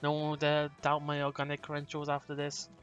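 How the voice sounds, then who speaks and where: A man's voice: a little high, completely flat delivery, a little fast, fairly bright tone, dull audio, soft background music, natural voice. A man voicing an earnest synthetic being who speaks in formal, precise words. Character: earnest synthetic being wanting to seem alive.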